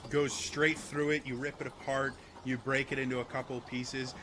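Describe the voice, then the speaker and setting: A man narrating as game master in a laid-back, halting way. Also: medium pitch, level tone, pushed and bright, a little hiss or hum.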